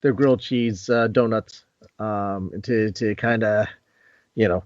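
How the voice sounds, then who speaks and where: A man's voice: fairly low pitch, fairly even intonation, slow, no room sound, dull audio. A man hosting a casual podcast interview, talking hesitantly with frequent ums. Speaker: podcast host.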